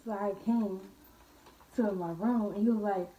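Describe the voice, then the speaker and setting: A young woman casually telling a true ghost story to her viewers, slangy and animated, calling them y'all and acting out her own scared voice. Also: mid-range voice, measured pace, recorded from a distance, muffled recording. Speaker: vlogger. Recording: echoey room from off-mic.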